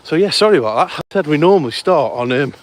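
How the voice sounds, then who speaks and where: A man, out of breath, hosting a live outdoor event by a lake. His voice sits a little high and he talks in a chatty, breathless rush. The sound is a rough outdoor camera mic. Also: expressive, quick pace. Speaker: host. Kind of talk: live on-the-move commentary.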